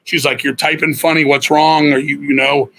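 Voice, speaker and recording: Middle-aged guy swearing his way thru stories, kinda high voice, edgy bright tone. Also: moderate pace, low-quality recording. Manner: blunt and profane, animated storytelling. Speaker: guest musician. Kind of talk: casual storytelling interview.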